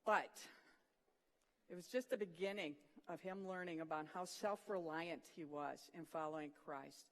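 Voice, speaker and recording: An earnest preacher with a mid-range voice gives a sermon at a moderate pace, bringing scripture stories to life through vivid storytelling and sudden hushed moments for emphasis. The long reverb of a large hall rings around every word.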